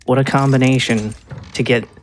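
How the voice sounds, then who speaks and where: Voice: medium pitch, fairly even intonation, normal speed, a little hiss or hum. A speedrunner giving casual live commentary on their own run, rambling a little with frequent ums and restarts.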